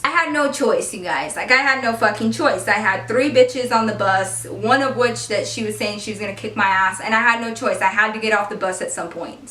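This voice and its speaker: A young woman in her twenties casually telling a story on her vlog, animated and swearing freely. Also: medium pitch. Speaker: beauty vlogger telling a story. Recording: echoey room, far from the mic.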